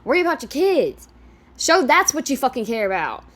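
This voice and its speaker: A woman's voice: high voice, big pitch swings, moderate pace, a bit bright. A woman giving casual reaction commentary on a video, exasperated, profane and rambling.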